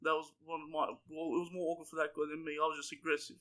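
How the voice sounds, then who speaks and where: A man's voice: on the high side, monotone, rapid-fire, pushed and bright. A young man co-hosting a podcast, telling crude, profanity-heavy stories with a lot of laughing. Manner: swearing, rowdy, laughing storyteller. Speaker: podcast co-host. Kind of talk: casual storytelling chat.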